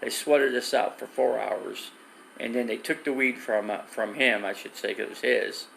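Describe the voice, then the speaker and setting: Gravelly man rambling on a phone stream. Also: medium pitch, moderate pace, a bit bright, slight background noise, low-quality recording. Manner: rambling storyteller with restarts, reads viewer comments. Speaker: live streamer. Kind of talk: casual rambling live stream chat.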